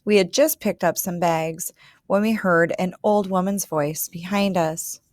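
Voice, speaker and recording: A woman reads a children's picture book aloud in a calm, measured voice, speaking as the young girl who tells the story. Her voice sits on the low side and the recording is dry and close. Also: dry recording. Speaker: reader. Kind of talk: storybook narration.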